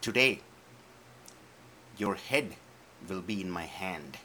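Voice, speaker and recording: Preacher playing a fearless boy hero in a sermon story, bold and declaiming, with a lively rise and fall. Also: low voice, slow pace, a little hiss or hum, exaggerated voice. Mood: defiant. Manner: defiant, declaiming boldly. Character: defiant young shepherd boy, fearless.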